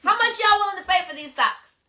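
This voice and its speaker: An emotional woman chatting casually on a phone livestream, gushing as she gives shout-outs to friends. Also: extremely high pitch, expressive, a little fast, echoey room, recorded from a distance. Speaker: reality show contestant hosting a livestream.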